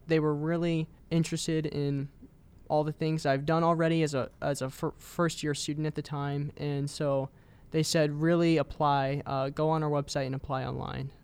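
A young man, a college student, calmly recounting his experience on a casual podcast. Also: fairly high pitch, smooth. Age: young adult. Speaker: student guest.

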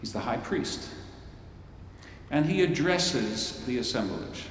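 A man's voice: medium pitch, lively intonation, takes it slowly, a little hiss or hum. A man preaching a storytelling sermon in a large worship hall, theatrical and wry, with playful asides. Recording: echoey hall from far off.

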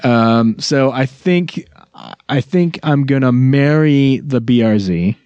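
A man co-hosting a casual podcast, halting and restarting often, with dry humor. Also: mid-range voice, a little mellow, clean tone, no echo, muffled recording. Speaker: podcast co-host. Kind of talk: casual chat. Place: home blanket fort.

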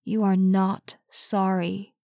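A woman voicing a cold, mysterious entity that answers questions in short, flat replies. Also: mid-range voice, slow pace, no echo, studio quality.

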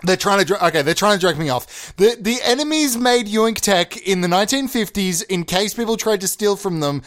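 Male comedy podcast host, rather high and very animated, sweary, jumps between excited yelling and deadpan mumbling. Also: brisk. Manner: swings between loud excited outbursts and mock-calm mumbling; swears a lot. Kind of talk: absurdist comedy monologue.

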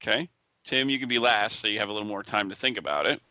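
A man's voice: fairly low pitch, animated, fast talker, sharp tone, no echo, highs cut off. A man hosting a casual pinball podcast, teasing his co-host and gloating with enthusiasm.

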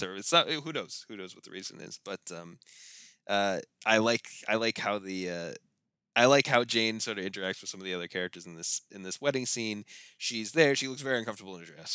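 A man's voice: lowish voice, sharp tone, clear, resonant tone, no echo. A man co-hosting a podcast, chatting casually about a TV series with many fillers and laughs. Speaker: podcast co-host. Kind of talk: casual chat.

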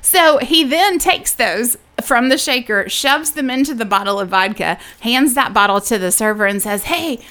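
A young adult woman co-hosting a casual chat, telling an animated story and acting out what people said. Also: fairly high pitch, moderate pace, hardly any pauses, smooth. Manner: animated storyteller, acts out quotes, laughs often. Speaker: podcast co-host.

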